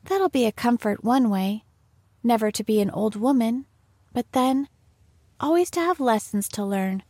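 A curious, talkative young girl, put on by a woman reading a storybook. She chatters away to herself in a raised, bright little voice, fretting and scolding herself by turns, recorded dry and close. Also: on the high side, animated, a little slow, dry recording. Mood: musing.

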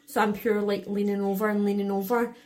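A woman's voice: medium pitch, level tone, fairly quick, darkish tone. A young woman tells a casual story to camera. She rambles, leans on fillers, swears a lot and sounds shaken. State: shaken and jittery. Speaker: vlogger.

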